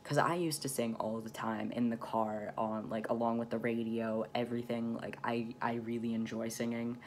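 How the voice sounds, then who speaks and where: A man's voice: mid-range voice, level tone, normal speed, slight background noise. A young man chatting casually in a vlog, his voice still changing on testosterone, with lots of "um"s and little laughs. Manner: chatty, many "um"s and light laughs, self-deprecating. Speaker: vlogger.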